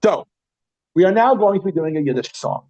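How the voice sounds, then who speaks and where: A man with a slightly raised voice teaches a room of students, talking in a lively, chatty way and breaking off to restart his sentences. The sound is close and dry, a little dull and lo-fi. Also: sits high, brisk, no echo. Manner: animated, chatty, self-interrupting. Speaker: Yiddish teacher. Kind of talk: classroom lesson. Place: classroom.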